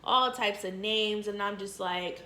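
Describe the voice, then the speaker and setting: A young woman with a bright, sharp voice chats casually through a personal story. She is blunt and profane, and she leans on filler phrases. Her tone is candid and unpolished, like a vlogger talking to her viewers. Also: medium pitch, a little slow. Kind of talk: casual storytime during an eating video.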